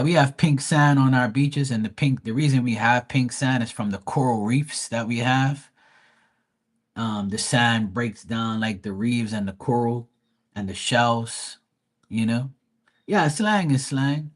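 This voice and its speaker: A man from Bermuda with a Bermudian accent, chatting casually on a live stream, animated and full of slang. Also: medium pitch, measured pace. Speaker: live tarot reader.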